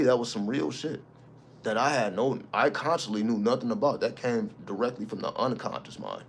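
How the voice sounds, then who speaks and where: A man's voice: medium pitch, a little fast, slight background noise. A man hosting his own channel, talking casually in an emphatic, preachy way and swearing freely. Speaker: channel host. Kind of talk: casual spiritual monologue.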